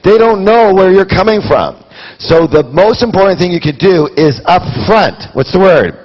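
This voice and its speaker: A man's voice: sits high, lively intonation, normal speed, in a large hall, highs cut off. A man giving a live motivational seminar, quizzing his audience with rhetorical questions. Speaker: seminar speaker.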